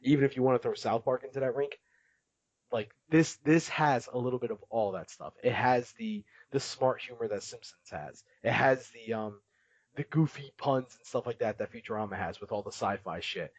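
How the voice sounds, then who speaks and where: A man's voice: medium pitch, normal speed, dry recording. A man on a podcast chatting casually, laughing often as he retells a cartoon scene. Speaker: podcast co-host. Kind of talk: casual chat. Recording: dull lo-fi, dry.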